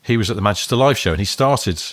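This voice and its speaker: A man with a low voice co-hosts a casual podcast. He reads listener mail and tells stories in a chatty way, laughing often. The sound is dry and close to the mic. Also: lively intonation, fast talker, fairly bright tone, dry recording. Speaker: podcast co-host. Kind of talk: casual chat, reading listener emails.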